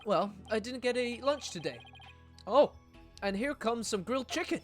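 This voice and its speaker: A woman streamer chatting casually and voicing the lead lawyer, giggly and excitable. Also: a little high, normal speed, soft background music. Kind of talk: casual live-stream chat and voice acting.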